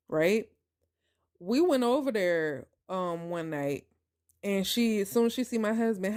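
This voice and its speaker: A woman hosting a podcast, telling a personal story in an emphatic, animated way and talking straight to her listeners. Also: medium pitch, measured pace, clear, resonant tone. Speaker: podcast host.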